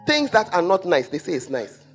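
A male pastor delivers a scolding sermon in a church. His voice sits high and swings widely up and down as he fires rhetorical questions, with soft music faintly underneath. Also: very animated, moderate pace.

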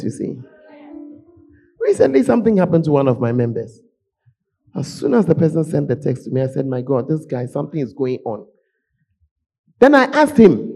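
A man preaching a sermon in a church, voice hoarse, swinging from shouts to low murmurs. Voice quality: husky. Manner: emotional, shouting preaching with sudden drops to low tones. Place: church sanctuary.

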